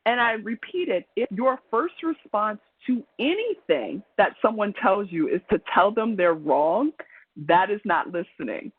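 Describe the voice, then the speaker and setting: A man's voice: high-pitched, expressive, measured pace, breathy edge, no room sound. Man talking through a tinny call line. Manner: chatty, with frequent ums and restarts. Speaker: trainer presenting a webinar. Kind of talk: conversational lecture. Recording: tinny phone-like call audio.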